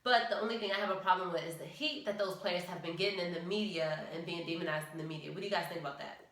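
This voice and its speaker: A woman's voice: on the low side, racing, a bit bright, echoey room. A woman hosting a casual panel talk show, upbeat, chatty and opinionated. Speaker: podcast host.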